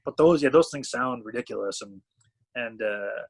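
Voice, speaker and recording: A man from Canada, a talent management CEO, chatting as a podcast guest and telling animated stories where he acts out what people said. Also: medium pitch, normal speed, creaky, slightly rough. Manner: animated storyteller, acts out quotes. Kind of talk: casual storytelling chat.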